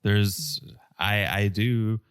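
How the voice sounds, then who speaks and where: Low-voiced man, wry podcast co-host. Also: flat delivery, extremely slow, fairly bright tone, clean tone, no room sound, clean studio sound. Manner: wry, jokey asides with quoted voices. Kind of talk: casual recap chat.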